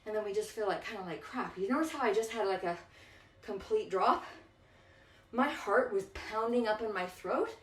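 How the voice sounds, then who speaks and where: A woman's voice: medium pitch, lively intonation, moderate pace, distant mic. An out-of-breath woman, a spin instructor, coaching a bike workout and counting down intervals with encouragement. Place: indoors on an exercise bike. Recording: echoey room, voice off-mic.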